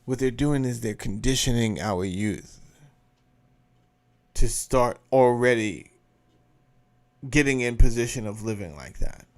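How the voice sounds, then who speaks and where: A man's voice: medium pitch, measured pace, pauses often. A man hosting his own show, giving blunt, profane, emphatic commentary in a casual rant. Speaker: show host commenting on a clip.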